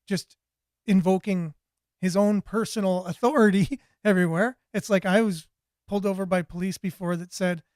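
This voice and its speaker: A man's voice: high voice, steady tone, normal speed, a little mellow, no room sound, studio quality. A man hosting a talk show, rambling in casual commentary and reading out viewer comments, often repeating words and restarting. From Canada.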